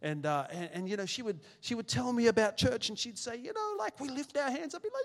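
In a reverberant church hall, a middle-aged Australian pastor holds a handheld microphone and preaches emphatically, repeating phrases and using self-deprecating humor. His voice is very high with lively intonation, moving fairly quickly with few pauses.

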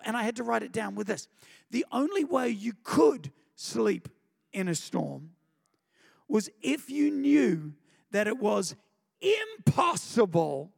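Animated preacher, gravelly voice, hall reverb. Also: male voice. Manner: animated storytelling, pitch leaps high in dramatic moments. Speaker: pastor. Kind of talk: sermon.

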